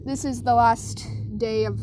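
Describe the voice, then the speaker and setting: A woman's voice: a little high, fairly even intonation, a little slow, darkish tone, slight background noise, lightly acted. A woman voicing a scolding adult male schoolteacher who lectures the class, in a casual spoken story. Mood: stern. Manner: stern, lecturing.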